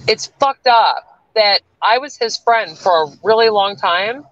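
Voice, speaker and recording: A woman's voice: mid-range voice, lively intonation, measured pace, a bit bright, no echo, dull audio. A woman from the US South with a Canadian-tinged accent, talking bluntly and with plenty of swearing as a guest on a livestream. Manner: blunt, profane, defiant. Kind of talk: livestream chat.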